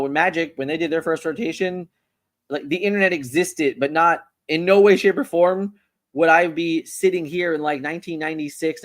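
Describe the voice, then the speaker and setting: Male card-game streamer, mid-high voice, loose rambling chat, lots of restarts. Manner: rambling, repeats words, animated. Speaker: livestream host. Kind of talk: casual livestream chat.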